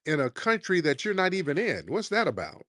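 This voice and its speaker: A man's voice: a little high, huge pitch swings, a little fast, a bit bright, no room sound, studio quality. A man hosting a heated call-in show, arguing and mocking a caller with repeated insults. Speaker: host.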